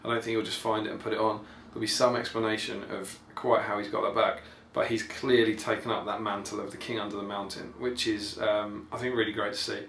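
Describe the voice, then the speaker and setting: A man's voice: fairly low pitch, little pitch movement, brisk, few pauses, a bit bright. A man hosting a podcast, giving casual, rambling and enthusiastic commentary full of ums. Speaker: podcast host. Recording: echoey room, faint background noise.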